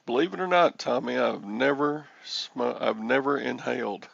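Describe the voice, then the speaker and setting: A man's voice: medium pitch, a little slow, creaky, a bit bright, no room sound, lo-fi sound. A man in his sixties hosting a reseller livestream, rambling and joking as he answers chat comments. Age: 60s.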